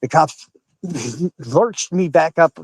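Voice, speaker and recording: A man telling a personal story casually, animated and full of swearing and fillers. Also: fairly high pitch, slow pace, breathy edge, no room sound, rough recording. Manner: profane, animated, with frequent fillers. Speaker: podcast storyteller.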